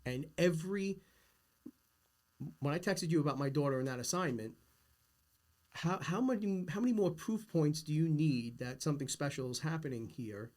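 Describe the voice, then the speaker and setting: A man's voice: a little high, lively intonation, moderate pace, long pauses, darkish tone. A middle-aged man hosting a casual podcast conversation, talking earnestly and insistently about big ideas. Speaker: podcast host.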